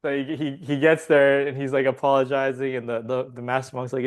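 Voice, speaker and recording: A man's voice: mid-range voice, flat delivery, a little fast. A man telling a story as a podcast guest, rambling casually, laughing often and swearing freely.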